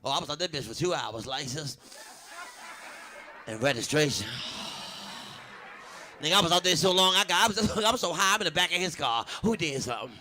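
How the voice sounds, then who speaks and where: A man's voice: a little high, expressive, brisk, pauses often, bright, forceful tone, slight background noise. A man from Baltimore doing a profane stand-up comedy set, brash and laughing at his own jokes.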